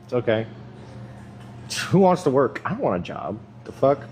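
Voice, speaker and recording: Young male vlogger, mid-pitch, loose and profane gym chatter, faint background hiss. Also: sing-song, moderate pace, darkish tone. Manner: profane, rambling, self-mocking. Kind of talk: casual chat while working out.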